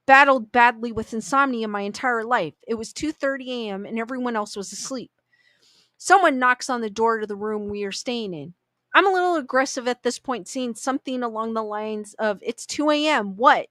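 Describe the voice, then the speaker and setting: A woman's voice: fairly high pitch, moderate pace, bright, forceful tone, dry recording. A woman reading online ghost stories aloud in a casual, chatty way, with little asides. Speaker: story reader.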